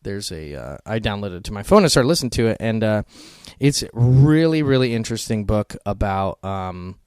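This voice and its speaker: A man's voice: fairly low pitch, very animated, normal speed, a little mellow, clear, resonant tone, dry recording, clean studio sound. A man co-hosting a podcast in casual chat, rambling with many ums and some swearing. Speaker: podcast co-host.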